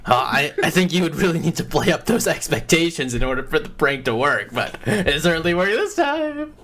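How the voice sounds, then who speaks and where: A man's voice: on the high side, very animated, fairly quick, fairly bright tone. A man narrating a tabletop game as game master, laid-back and often laughing. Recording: construction noise in background.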